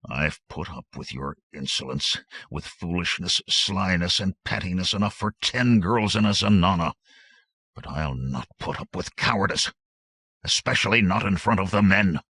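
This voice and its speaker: A man voicing a hard, contemptuous army captain who speaks low and forcefully. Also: moderate pace, husky, no echo, exaggerated voice. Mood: stern. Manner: growling, contemptuous. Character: hard veteran captain, middle-aged, stern and forceful.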